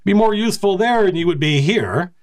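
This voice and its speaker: A man's voice: high voice, lively intonation, a little fast, voice pushed up. A man voicing an arrogant, scornful knight commander in a tabletop game, with a condescending, sneering delivery. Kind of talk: tabletop game role-play.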